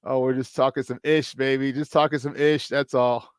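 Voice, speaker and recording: A man's voice: mid-range voice, level tone, normal speed, clear, resonant tone, no echo. Chatty upbeat man hosting sports talk. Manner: upbeat, chatty, repeats words, laughs often. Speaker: sports talk show host. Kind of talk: casual morning sports talk.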